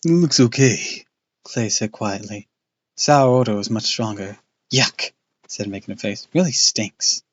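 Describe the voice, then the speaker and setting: A man's voice: lowish voice, measured pace, slightly rough, muffled recording. A man casually reading a book aloud on a live stream, loose and off-hand, with crude asides.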